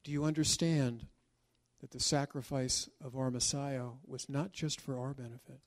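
A male pastor preaching a sermon emphatically, with dramatic pauses and stretched words. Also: mid-range voice, steady tone.

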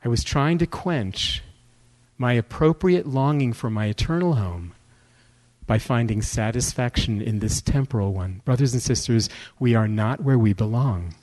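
A man delivering a sermon as a guest preacher with an impassioned, dramatic delivery. He drops low and quiet, then presses in with urgency. His voice sits a bit high for a man. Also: animated, measured pace, poor audio. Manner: impassioned, dramatic swings between hushed and urgent.

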